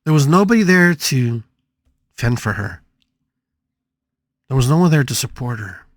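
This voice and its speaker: A man's voice: mid-range voice, big pitch swings, a little slow, no echo, studio quality. A man hosting a spiritual podcast, telling a story dramatically with emphatic repetitions. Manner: dramatic, emphatic, repeats phrases for effect. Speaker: podcast host.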